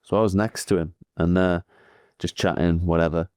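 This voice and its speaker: Welsh man, deep low voice, dry close sound, easygoing podcast chat. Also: fairly even intonation, moderate pace, darkish tone, smooth, no room sound. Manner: laid-back, chatty storyteller with fillers. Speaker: podcast co-host, pro cyclist.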